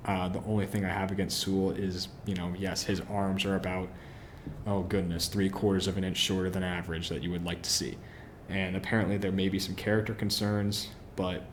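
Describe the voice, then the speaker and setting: A man's voice: lowish voice, a little hiss or hum. A man hosting a solo football podcast, giving opinionated analysis, posing questions and answering them himself, with frequent fillers. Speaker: podcast host.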